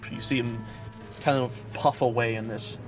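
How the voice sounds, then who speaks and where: A man's voice: mid-range voice, fairly even intonation, normal speed, music in the background. A man running a tabletop game as dungeon master, narrating in a loose, chatty way with lots of fillers.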